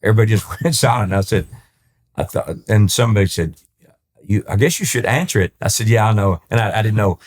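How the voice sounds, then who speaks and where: A man's voice: lowish voice, quick pace. An older man from East Texas, telling stories as a guest on a casual interview podcast and acting out the dialogue as he goes. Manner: animated storyteller who acts out quoted dialogue, with frequent restarts. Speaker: country singer, podcast guest.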